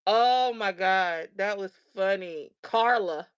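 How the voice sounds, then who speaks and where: Giggly middle-aged woman hosting, unhurried. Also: mid-range voice, clear, resonant tone, highs cut off. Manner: laughs often while telling a funny story. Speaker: host. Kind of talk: casual storytelling chat.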